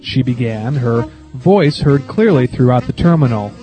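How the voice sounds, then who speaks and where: A man's voice: medium pitch, lively intonation, moderate pace, dark tone, soft background music. Wry joke-reading radio man. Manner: wry, storytelling. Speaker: radio comedy host. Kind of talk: reading jokes on air.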